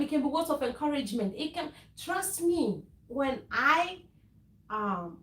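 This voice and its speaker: A woman's voice: high-pitched, sing-song, measured pace, fairly bright tone, roomy sound, poor audio. A woman from Ghana talking casually in a faith-based vlog, earnest and preachy, with frequent laughs and restarts. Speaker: vlogger.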